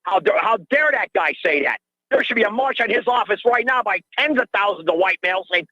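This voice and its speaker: A man's voice: sits high, expressive, fairly quick, bright, forceful tone, no room sound. An older man calling in to a radio show, ranting in an agitated way and repeating himself, heard through dull lo-fi call audio. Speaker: caller.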